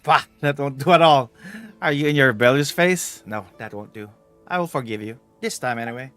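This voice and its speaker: A man's voice: mid-range voice, lively intonation, fairly quick, a bit bright, faint music behind, close to an everyday voice. A man reading game dialogue aloud, voicing a playful older woman treasure hunter with a bad back, in a teasing, bossy manner.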